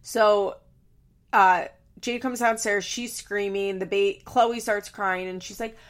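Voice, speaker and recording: A woman's voice: medium pitch, steady tone, slow pace. A woman hosting a podcast, recapping in casual, chatty talk with profanity and sarcastic asides. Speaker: podcast host.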